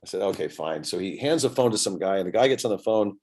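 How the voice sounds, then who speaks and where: Animated man telling a story. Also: sits low, fast talker. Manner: animated storyteller acting out both sides of conversations. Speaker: guest entertainer. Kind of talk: casual anecdote telling.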